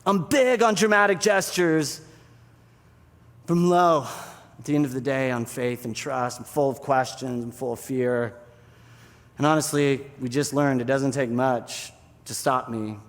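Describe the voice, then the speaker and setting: A man's voice: medium pitch, a little slow, in a large hall, natural voice. A pastor voicing an impulsive, self-doubting grown man confessing his failures in an earnest, self-deprecating way. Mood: resigned.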